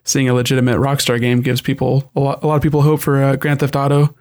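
A man co-hosting a casual gaming podcast, talking in a relaxed, rambling way full of "like" and "I mean". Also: medium pitch, fast talker. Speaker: podcast co-host.

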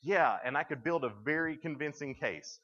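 A young man speaking to junior high students, telling stories in a conversational way with frequent restarts. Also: normal speed, sharp tone, in a large hall. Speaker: youth speaker. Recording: dull lo-fi sound.

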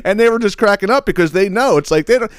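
A podcast host rants casually and comedically, swearing a lot and laughing often in an animated way. His voice sits high and moves fast, with a clear, resonant tone. The recording is clean studio sound with no room echo.

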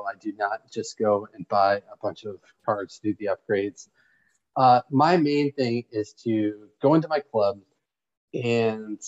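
A man's voice: on the low side, darkish tone. A man co-hosting a casual podcast chat, laid-back and offhand, who swears freely. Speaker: podcast co-host. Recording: dull lo-fi remote audio.

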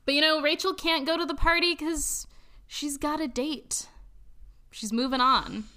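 Young woman cohost, jokey and giggly, really high bright voice. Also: steady tone, unhurried. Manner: playful, jokey, does mock voices and laughs. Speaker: podcast co-host. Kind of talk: casual chat recapping a sitcom.

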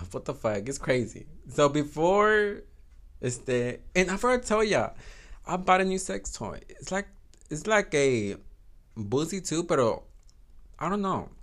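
Young guy rambling on his podcast, cussing a lot, laughing, voice jumps all over, a bit high. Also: a bit bright. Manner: crude, laughing, switches between English and Spanish. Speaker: podcast host. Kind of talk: casual solo podcast chat.

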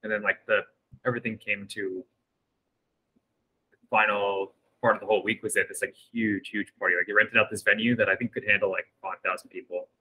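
Bright low-voiced man, upbeat chat. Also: little pitch movement, brisk, breathy edge, rough recording. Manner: upbeat, rambling with fillers and laughs. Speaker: podcast co-host. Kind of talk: casual chat. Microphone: video call.

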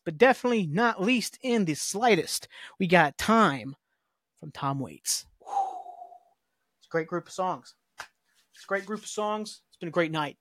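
Chatty man with a higher voice. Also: a bit bright, no echo, studio quality. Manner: loose, filler-heavy, with occasional cursing. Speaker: podcast host. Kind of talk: casual rambling episode recap.

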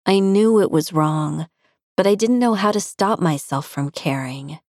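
A woman narrating a first-person audiobook in an intimate, even-paced storytelling manner, recorded close on a studio mic. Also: fairly low pitch, unhurried, no room sound.

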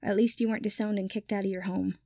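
A woman's voice: medium pitch, fairly even intonation, fast, warm tone, no echo, lightly acted. A woman voicing a dry, lightly sarcastic young noblewoman. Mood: teasing.

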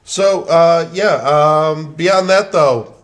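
A man's voice: on the high side, very slow. Crude stammering young Midwestern man. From American Midwest. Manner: loose, crude, stammering restarts. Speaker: podcast co-host. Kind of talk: casual banter.

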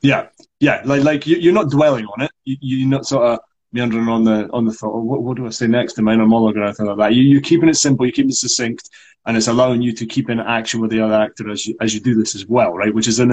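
Scottish acting coach, slightly husky, chatty with lots of yeahs. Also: male voice, mid-range voice, fast, a little mellow. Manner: chatty, frequent fillers and repeated yeahs. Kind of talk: casual live discussion.

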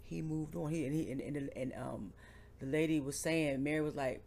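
A man's voice: fairly high pitch, fairly even intonation, moderate pace, vocal fry, a little mellow, a little hiss or hum. A man in an earnest, casual faith conversation, retelling a vision story and acting out the pleas of the people in it.

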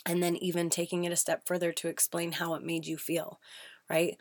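Hoarse woman host, lowish pitch, dry close sound, heartfelt and emphatic. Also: level tone, moderate pace, no echo. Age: young adult to middle-aged, a mother of kids. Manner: earnest, emphatic, repeats words for stress. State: hoarse, voice not fully back. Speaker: podcast host. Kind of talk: casual solo podcast talk.

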